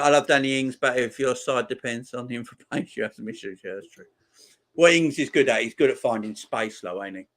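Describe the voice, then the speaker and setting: A man hosting a live football watchalong, giving casual commentary and chatting back to viewer comments. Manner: reacts loudly to chances on the pitch. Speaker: watchalong host.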